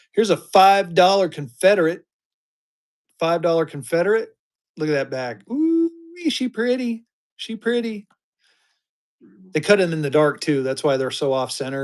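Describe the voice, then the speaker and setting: A man with a slightly high voice runs a live-stream auction, upbeat and chatty. He talks bidders up and keeps the sale moving. It sounds like a home streaming setup.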